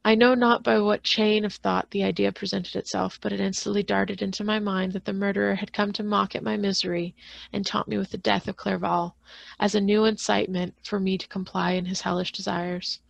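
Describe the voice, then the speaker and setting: A woman librarian reading a classic novel aloud in a steady, measured way, with the odd small slip. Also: mid-range voice, creaky, dry recording, muffled recording.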